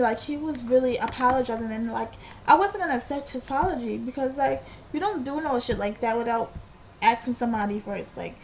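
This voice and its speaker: A young woman telling an animated, slangy storytime vlog, acting out the lines of the people in it. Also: high-pitched, slight background noise. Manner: animated, slangy retelling with quoted dialogue. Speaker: vlogger.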